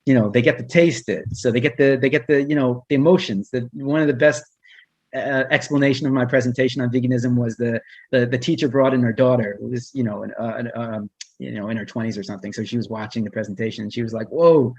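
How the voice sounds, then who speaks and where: A man's voice: medium pitch, steady tone, fast, darkish tone, slightly rough, no room sound, highs cut off. A man who works as a humane educator, giving a casual online presentation with slides, speaking conversationally with many restarts and fillers.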